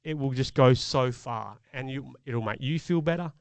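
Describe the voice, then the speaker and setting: A man's voice: medium pitch, normal speed, creaky, no echo. A middle-aged man, a podcast co-host, telling a personal parenting story in an earnest, reflective way. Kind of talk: casual chat.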